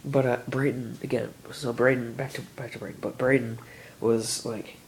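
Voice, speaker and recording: A man's voice: medium pitch, little pitch movement, moderate pace, slight background noise. An 18-year-old man with a stuffy nose, rambling casually in a video diary with lots of restarts. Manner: rambling, full of "dude" and "like", many restarts. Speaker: vlogger. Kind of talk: casual chat.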